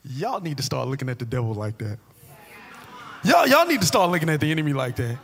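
A man's voice: on the high side, brisk, vocal fry. A man preaching a sermon as a comic story, bantering with the audience and adding lots of asides. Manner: animated, joking, full of asides to the audience. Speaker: pastor. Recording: long hall reverb.

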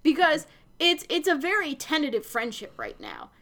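Lively high-voiced woman chatting. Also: normal speed. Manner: animated, swearing, lots of "like". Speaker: podcast co-host. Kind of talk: casual chat recapping a TV episode.

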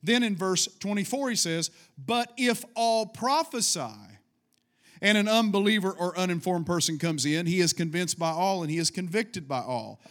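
High-voiced man preaching a fervent sermon. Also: expressive, moderate pace, a bit bright. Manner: fervent preaching with call-and-response. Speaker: pastor.

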